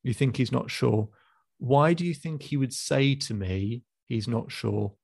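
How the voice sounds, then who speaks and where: Male life coach, gravelly, calm probing delivery, dry close sound. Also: mid-range voice, measured pace, dry recording. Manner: calm, probing questions, hesitant restarts. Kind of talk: coaching session. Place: video call.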